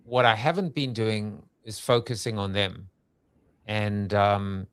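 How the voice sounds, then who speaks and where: A man's voice: lowish voice, steady tone, takes it slowly, smooth, no room sound. A man hosting a podcast interview, asking questions in a hesitant way, thinking aloud with many restarts. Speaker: podcast host. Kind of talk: conversational interview.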